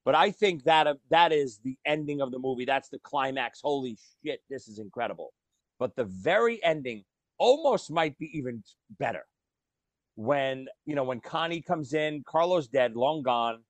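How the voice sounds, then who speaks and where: A man co-hosting a podcast, talking about movies in a casual, animated storytelling way. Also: mid-range voice, normal speed, dry recording. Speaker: podcast co-host.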